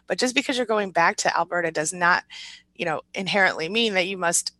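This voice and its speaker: A woman hosting a live support stream, chatting quickly and reading out viewer comments with many restarts and fillers. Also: on the low side, no room sound, low-quality recording. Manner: quick, warm-hearted talk with restarts and fillers. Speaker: live-stream host and recovery coach.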